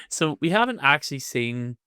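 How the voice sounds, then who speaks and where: A man co-hosting a podcast, recapping an episode in an animated, sweary chat and laughing often. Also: fairly high pitch, clear, resonant tone, dry recording, studio quality. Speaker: podcast co-host.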